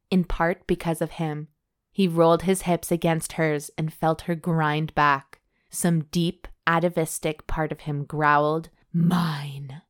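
A woman co-hosting a chat show, reading a romance novel aloud with wry asides and frequent laughter. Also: deep voice. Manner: wry, giggly, breaks into laughter. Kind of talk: dramatic reading mixed with casual chat.

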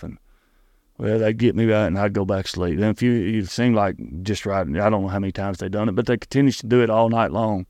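A middle-aged man with a Southern Tennessee drawl and a fairly low voice tells a personal story as an interview guest. He speaks earnestly and haltingly, stopping to restart and repeat words. The sound is dry and close. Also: steady tone, darkish tone, dry recording.

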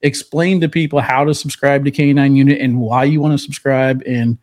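A man's voice: mid-range voice, level tone, brisk, a little mellow. A man co-hosting a casual podcast on a video call, chatty and laughing now and then as he hypes things up. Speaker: podcast co-host. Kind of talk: casual chat. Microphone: remote video call.

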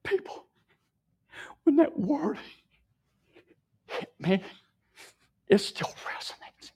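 A tearful man sharing an emotional personal testimony, often dropping his voice to a hushed whisper. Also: very high-pitched, sing-song, very slow, vocal fry.

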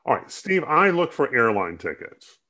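A man co-hosting a casual talk show, speaking in halting bursts with frequent restarts and fillers. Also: medium pitch, sing-song, pushed and bright. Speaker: co-host. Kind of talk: casual chat.

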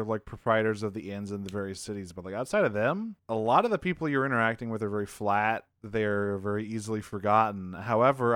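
A man's voice: mid-range voice, a bit bright, clean tone, no room sound, studio quality. A man co-hosting a podcast, joking and rambling as he recaps a game. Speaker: podcast co-host. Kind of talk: casual chat.

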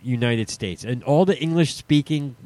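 A man co-hosting a podcast in casual chat, loud, profane and jokey. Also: mid-range voice, expressive, normal speed. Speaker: podcast co-host.

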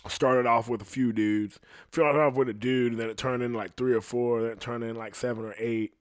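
A man's voice: mid-range voice, steady tone, fairly quick, no echo, clean studio sound. Profane, rambling male storyteller. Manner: crude, profane, rambling with laughs. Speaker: podcast storyteller. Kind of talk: casual storytelling.

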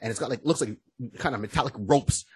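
Excitable husky man on a podcast. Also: medium pitch, fast, dry recording. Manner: excitable, stammering restarts, whoops. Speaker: podcast co-host. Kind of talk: casual podcast chat.

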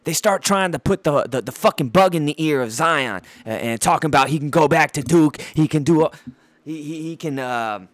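This podcast host goes off on a profanity-laced basketball rant, so excited he fumbles his words while hopping about with a handheld microphone. He speaks at a moderate pace in a slightly high male voice, and the recording is dry.

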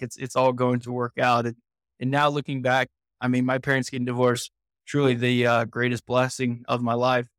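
A man's voice: medium pitch, a bit bright, clean tone, dry recording, clean studio sound. A man in his twenties from Indiana, a podcast guest earnestly recounting his personal story with frequent restarts.

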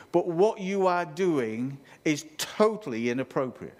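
A man preaching a sermon in a conversational, animated way, with asides to the congregation. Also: on the high side, a little slow.

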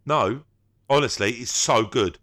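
A man's voice: mid-range voice, measured pace, fairly bright tone. A man, a podcast co-host telling stories in casual, slangy chat and laughing often.

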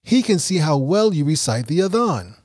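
A man's voice: fairly high pitch, big pitch swings, moderate pace, darkish tone, dry recording, studio quality. A man voicing a friendly school principal who welcomes his students in a storybook reading. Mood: cheerful.

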